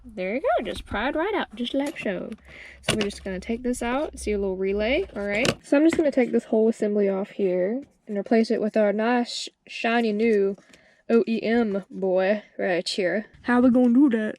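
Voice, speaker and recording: A woman's voice: fairly high pitch, darkish tone, slight background noise. A young woman giving a casual, playful how-to tutorial from inside a car, chatting to the viewer and to the part she is fixing. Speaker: car repair vlogger.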